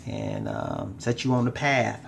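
A man talking as a relationship coach straight to his viewers, emphatic and casual, repeating words for stress and using relaxed slang. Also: on the low side, a little slow, vocal fry, a little hiss or hum. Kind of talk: direct-to-camera advice talk.

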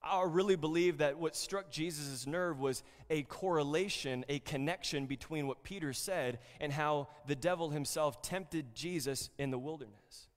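A man's voice: on the high side, moderate pace, hardly any pauses. Conversational male pastor in an echoing hall. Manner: conversational, frequent fillers and repeated words. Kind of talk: sermon.

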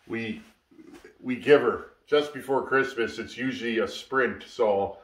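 A man's voice: mid-range voice, unhurried. A man, tired after a long work week, chatting casually and rambling with lots of fillers as the host of a chainsaw repair channel in his workshop. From Canada. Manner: relaxed, rambling, many "uh" fillers. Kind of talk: casual shop chat. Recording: echoey workshop.

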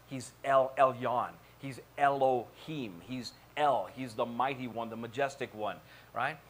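A man's voice: mid-range voice, steady tone, measured pace, fairly bright tone, slight background noise. A male pastor preaching a sermon in a church, building to repeated calls and questioning the congregation. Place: church sanctuary.

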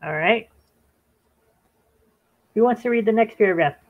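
A woman's voice: a little high, a little slow. Chatty woman on dull lo-fi audio. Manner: chatty, leads the group with frequent "all right"s. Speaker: stream host. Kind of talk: casual live-stream chat.

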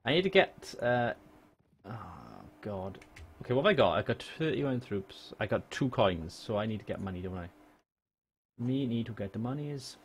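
A man's voice: fairly low pitch, big pitch swings, moderate pace. A young man from Wales streaming a strategy game, chatting casually, swearing and joking with his viewers. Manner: chatty, swears, talks to chat and jokes. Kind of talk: casual gaming livestream commentary. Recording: faint background noise.

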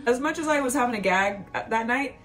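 A woman's voice: a little high, lively intonation, a little fast, fairly bright tone. A woman comedian telling a story in a sassy, campy way, stretching words out for emphasis. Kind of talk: storytelling stand-up. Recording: music playing behind.

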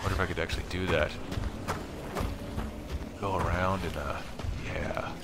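There's a noisy background behind this man's low, steady voice, which moves at normal speed. He's hosting a casual gaming stream at home in his apartment, profanely rambling and reading chat aloud.

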